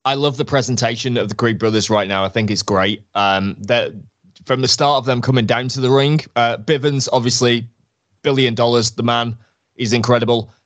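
A man's voice: mid-range voice, fairly even intonation, moderate pace, a bit bright. A man as a guest on a podcast, chatting about wrestling with keen enthusiasm. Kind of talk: casual wrestling chat.

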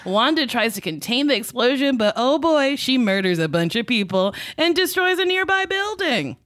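A woman's voice: sits high, sing-song, normal speed, fairly bright tone, no echo, studio quality. A woman co-hosting a podcast, recapping a film in playful casual chat and laughing often. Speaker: podcast co-host.

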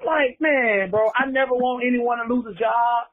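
A man's voice: extremely high pitch, moderate pace. A man leaving a heated, swearing voicemail for a show, calling the listener bro and man. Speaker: caller. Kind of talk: phoned-in voicemail rant. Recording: tinny phone line.

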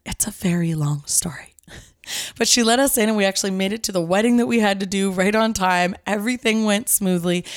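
A young woman hosting her own podcast tells a wild story in a chatty, animated way. She says "like" a lot and acts out each person she quotes. Her voice sits in a middle register and sounds close and dry, with no room behind it. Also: mid-range voice, dry recording. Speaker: podcast host. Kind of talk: casual storytelling.

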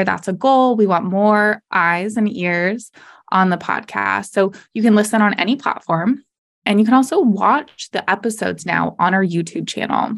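Brief: young woman, solo podcast host, chatty and candid, laughs easily, mid-pitched voice. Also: creaky. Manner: casual and candid, laughs often, says "like" and "you know".

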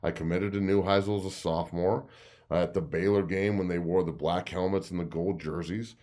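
A man in his thirties, a former football player hosting a podcast, telling profane, excitable stories and acting out the quotes. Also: low-pitched, brisk. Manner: excitable, profane storytelling with lively put-on quotes. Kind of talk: casual podcast chat.

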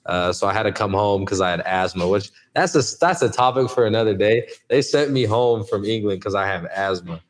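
A man in his twenties, a podcast guest, chatting in a relaxed way and often saying "like". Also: lowish voice, fairly quick, few pauses. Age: 20s. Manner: relaxed, lots of "like" fillers. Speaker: podcast guest, college athlete. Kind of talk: casual interview chat.

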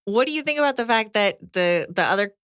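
A woman's voice: mid-range voice, expressive, fast, fairly bright tone, no room sound, studio quality. A young woman co-hosting a podcast who reads listener letters aloud and chats in an easygoing way, often laughing. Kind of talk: reading letters and casual chat.

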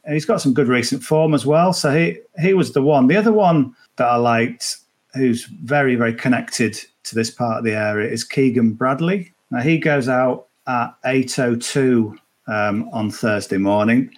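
This is a man talking through his golf betting picks in a loose, chatty way. His voice sits at an ordinary middle pitch, and he rambles and circles back on himself as he goes. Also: moderate pace. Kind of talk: casual podcast chat.

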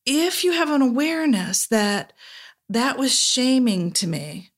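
A woman's voice: high voice, expressive, measured pace. A woman therapist as a guest in a conversation, speaking reflectively and often checking in with "right?". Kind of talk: casual podcast conversation.

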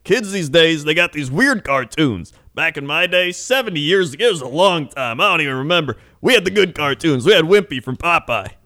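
A man voicing a chatty, pushy old male trucker in his seventies with a folksy, gruff manner. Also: fairly high pitch, animated, fairly quick, few pauses, pushed and bright, voice pushed up. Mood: nostalgic. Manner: gruff, folksy, pokes at strangers.

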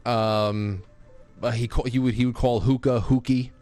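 A man's voice: mid-range voice, level tone, moderate pace, darkish tone, faint music behind. A man hosting a call-in show, rambling in casual chat with many restarts. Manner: rambling, chatty, with frequent restarts and fillers. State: grieving his stepfather.

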